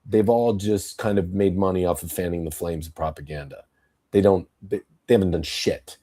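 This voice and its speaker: A man's voice: deep voice, steady tone, normal speed, mellow. A man in casual podcast talk, ranting bluntly with heavy swearing and telling stories with acted-out quotes. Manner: blunt, profane, rambling political rant.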